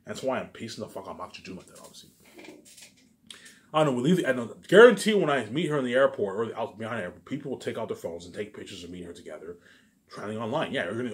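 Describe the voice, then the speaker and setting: Low voiced guy rambling real fast, lots of restarts and "obviously". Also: expressive. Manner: repetitive, says "obviously" and "you know what I'm saying" constantly; stumbling restarts. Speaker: vlogger. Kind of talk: rambling fantasy monologue.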